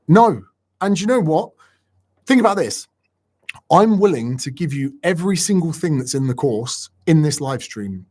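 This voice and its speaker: A man's voice: fairly high pitch, husky. A man hosting a live-stream Q&A as a business coach, talking bluntly and energetically, swearing freely.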